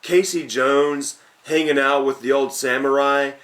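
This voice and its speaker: A man's voice: mid-range voice, steady tone, a little slow, fairly bright tone. A man co-hosting a casual movie-review chat, laid-back and agreeable, swearing casually. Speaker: co-host.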